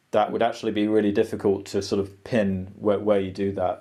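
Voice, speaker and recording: A man's voice: lowish voice, fairly even intonation, brisk, hardly any pauses, warm tone. A man guitarist explaining rhythms, singing the syllables aloud with many ums and restarts. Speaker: guitarist and music teacher.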